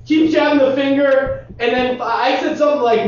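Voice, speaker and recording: A man's voice: extremely high pitch, expressive, normal speed. A man hosting a show, chatting casually and telling wry, playful stories. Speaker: podcast host. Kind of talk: casual comedic chat. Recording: roomy, distant, dull live mic.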